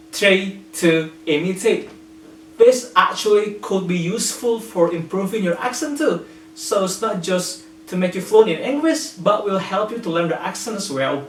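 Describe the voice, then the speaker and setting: A man whose first language is Indonesian patiently explains tips for speaking English, with a fairly high voice. He sounds a little far from the mic in an echoey room, with a faint hum behind him. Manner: earnest, patient, gives examples. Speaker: English teacher. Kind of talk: explanatory lesson.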